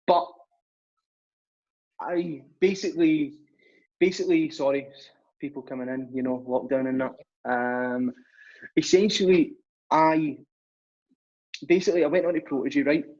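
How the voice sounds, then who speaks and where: A man's voice: fairly high pitch, unhurried, long pauses, darkish tone. Chatty young man, muffled recording. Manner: chatty, rambling, acts out dialogue. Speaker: podcast guest. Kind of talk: casual storytelling.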